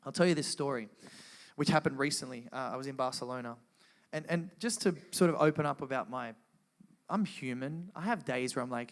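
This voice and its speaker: A man's voice: medium pitch, fairly quick. Earnest man giving an emotional testimony. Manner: earnest, animated storytelling with frequent restarts. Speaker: guest speaker sharing testimony. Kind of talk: emotional personal testimony to a live audience.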